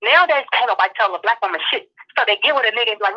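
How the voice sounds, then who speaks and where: A woman guest on a talk show, delivering a passionate, profane, rapid-fire rant of social commentary. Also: fairly high pitch, lively intonation, husky. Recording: dull lo-fi audio.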